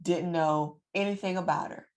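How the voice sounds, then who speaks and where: A woman telling a personal story to her viewers in a lively, preacherly way, repeating phrases for emphasis. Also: on the low side, moderate pace. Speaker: financial coach and vlogger. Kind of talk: casual storytelling to camera.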